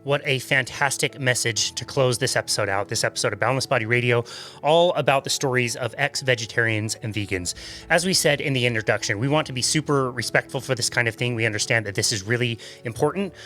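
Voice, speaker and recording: A man's voice: mid-range voice, pushed and bright. A man hosting a podcast, closing the episode in a friendly, upbeat way. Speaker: podcast host. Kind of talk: podcast outro.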